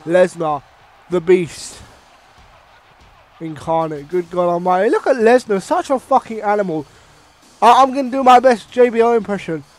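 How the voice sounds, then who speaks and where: A young man from Ireland casually commentating a wrestling video game, excitable and swearing, with bursts of mock ring announcing. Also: high voice, moderate pace, long pauses. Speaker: gaming commentator.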